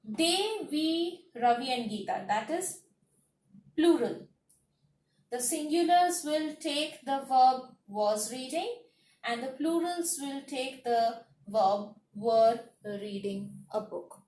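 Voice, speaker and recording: Slow echoey teacher woman. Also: high voice, animated, darkish tone, recorded from a distance. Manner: slow, repeats points, lists words one by one. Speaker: English teacher. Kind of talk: grammar lesson. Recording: echoey room, voice off-mic.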